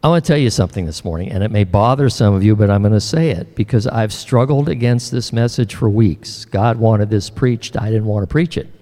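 A man's voice: lowish voice, animated, dark tone, in a large hall. Earnest older male pastor preaching. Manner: earnest, emotional, halting with repeated restarts. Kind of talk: sermon.

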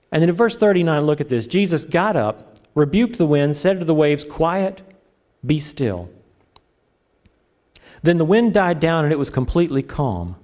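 A middle-aged man preaching a sermon, animated and joking, acting out his own prayers. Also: a little high. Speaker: pastor.

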